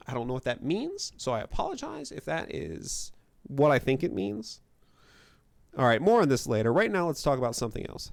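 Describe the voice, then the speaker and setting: A man's voice: medium pitch, very animated, moderate pace, vocal fry, no echo. A young man streaming a game, reading its text aloud with amused asides. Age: young adult. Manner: amused, reads text out then reacts.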